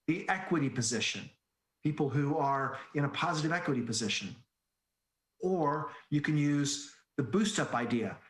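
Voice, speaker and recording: A man giving an energetic sales-training presentation, telling stories and asking rhetorical questions. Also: a little high. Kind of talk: conference presentation. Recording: echoey room.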